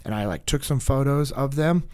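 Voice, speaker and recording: A man with a clear, resonant mid-range voice speaks at normal speed, with no echo, while recounting a personal story as a podcast guest in a studio. Chatting casually, he acts out quotes with animation and fills his speech with fillers.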